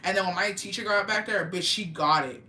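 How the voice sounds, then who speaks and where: A young woman telling a story in an animated, profane, slang-filled way for a vlog, in an echoey room. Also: mid-range voice, a little fast. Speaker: vlogger. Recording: echoey room, mic at a distance, faint ambience.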